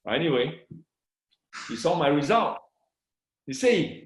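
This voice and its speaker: A middle-aged man from Malaysia tells his life story with lively, swinging pitch and a slightly high voice. He repeats small phrases and slows right down to read scripture with emphasis. The room around him is echoey. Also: slight background noise. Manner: excited, repeats "I said" and "you know", reads scripture with slow emphasis. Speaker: guest sharing his testimony. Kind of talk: animated personal testimony.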